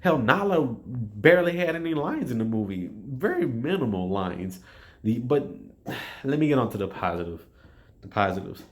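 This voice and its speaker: A man talks through a movie review off the cuff, rambling and plainly frustrated. He restarts his sentences often and swears freely, at a middle pitch for a man. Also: big pitch swings, moderate pace. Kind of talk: casual spoken film review.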